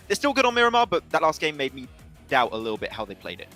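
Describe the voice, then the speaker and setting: A man on an esports analyst desk, talking through team rotations at speed. His voice is bright, with faint music behind him. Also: on the high side, wildly swooping pitch, fast.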